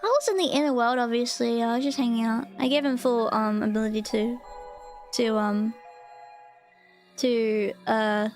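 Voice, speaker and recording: A woman streaming live, reading a guide aloud and chatting hesitantly with many pauses and ums. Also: on the high side, a little mellow, soft background music. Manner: hesitant, full of ums and restarts. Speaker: VTuber streamer.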